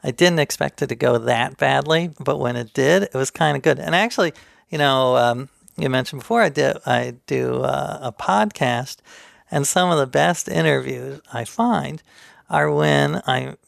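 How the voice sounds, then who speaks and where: A man's voice: mid-range voice, normal speed, vocal fry, no echo, studio quality. A middle-aged man, an author and guest on a podcast, telling self-deprecating stories with loose fillers. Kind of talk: storytelling in a podcast interview.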